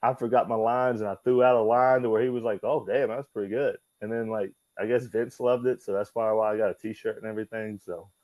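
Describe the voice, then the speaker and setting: A man, a guest in an interview, telling animated, profane stories and acting out the dialogue. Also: on the low side, brisk, few pauses, no echo, rough recording. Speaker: guest, former wrestler. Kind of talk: casual storytelling interview.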